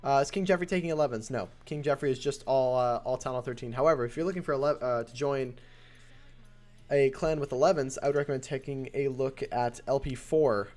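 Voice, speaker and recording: A male streamer talks casually at a mid pitch, chatty and quick to laugh. He thanks viewers between bits of match commentary. Faint music plays softly underneath. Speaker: streamer and host.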